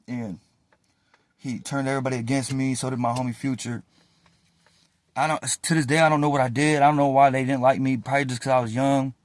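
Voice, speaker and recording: A man in casual storytime mode, recounting events with loose slang and plenty of cursing. His voice sits at an ordinary middle pitch. The sound is close and dry, with no room echo at all. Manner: animated, slangy and profane retelling.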